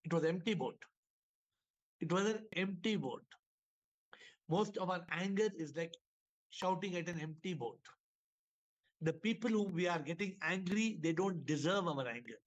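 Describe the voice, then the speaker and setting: A man's voice: sits high, moderate pace, pauses often. Man telling spiritual parables. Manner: repeats phrases, acts out story voices. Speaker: spiritual teacher. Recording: dull lo-fi recording.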